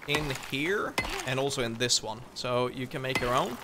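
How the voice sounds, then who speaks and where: A man's voice: medium pitch, expressive, normal speed, hardly any pauses, pushed and bright, slight background noise. A man joining a co-op gameplay session, chatting easily and laughing often. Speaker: co-op gaming guest. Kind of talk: casual gameplay chat.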